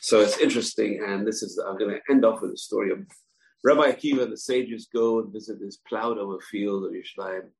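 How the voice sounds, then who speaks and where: A man's voice: lowish voice, steady tone, brisk, creaky, rough recording. A man teaching a Torah class. He speaks earnestly, mixing Hebrew phrases into his lecture, with frequent fillers. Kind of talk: religious lecture.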